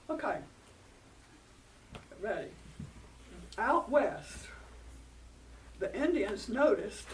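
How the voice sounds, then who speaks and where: A woman telling a folktale to children, animated and coaxing them to join in. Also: on the high side. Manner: animated, coaxing, interactive with listeners. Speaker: storyteller. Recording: distant mic, noisy room.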